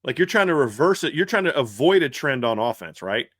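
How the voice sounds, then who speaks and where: A man's voice: medium pitch, sing-song, a little fast, fairly bright tone, no echo, studio quality. A man co-hosting a sports podcast, talking casually with lots of fillers and restarts. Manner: conversational, many fillers and restarts. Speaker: podcast co-host.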